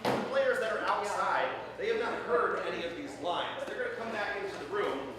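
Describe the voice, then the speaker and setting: A man's voice: sits high, animated, a little fast, a crowd in the background. A man hosting a live improv comedy show, upbeat, explaining the game and repeating lines the audience calls out. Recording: echoey hall, far from mic, noisy.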